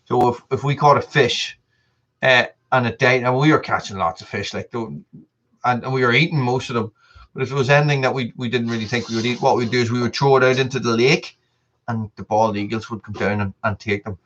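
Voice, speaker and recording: A man's voice: medium pitch, fairly quick, a bit bright, highs cut off. A man hosting a casual live stream, chatting with viewers in a rambling way, full of restarts and repeated words.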